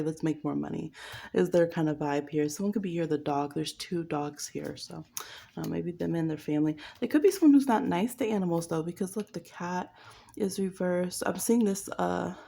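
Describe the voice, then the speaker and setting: A woman's voice: fairly low pitch, creaky, mellow, breathy edge. A woman giving a casual pick-a-card tarot reading, chatty and playful, laughing often and mocking people with quoted voices. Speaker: tarot reader.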